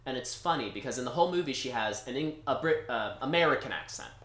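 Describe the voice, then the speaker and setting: A man co-hosting a podcast, casually recapping a movie in a rambling, animated way. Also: medium pitch, quick pace, roomy sound. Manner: rambling, animated storytelling with laughs. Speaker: podcast co-host.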